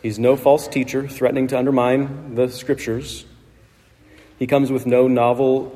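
A man delivering a sermon with a dark, mellow voice at an ordinary pitch. He talks in a relaxed, conversational way and adds asides. His voice rings with the long reverb of a large church hall. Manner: conversational, with asides and light laughs. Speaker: preacher.

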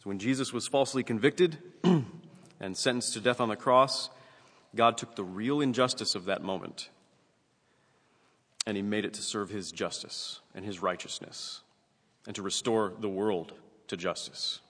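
A man preaching a sermon and reading scripture aloud, earnest and measured, with emphatic rises. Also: lowish voice, fairly bright tone, long reverb tail. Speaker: pastor.

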